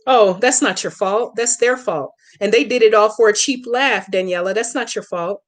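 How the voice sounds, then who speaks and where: A woman's voice: mid-range voice, moderate pace. A woman hosting a live stream, chatting casually with viewers by name and talking back to their comments in a blunt, profane, outspoken way.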